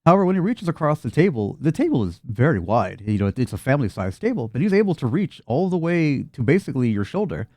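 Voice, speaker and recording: A male game master narrates a tabletop game in a loose, chatty way, often breaking into laughter. His pitch moves a lot, and the sound is dry and close. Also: big pitch swings, fast, few pauses, darkish tone, no room sound.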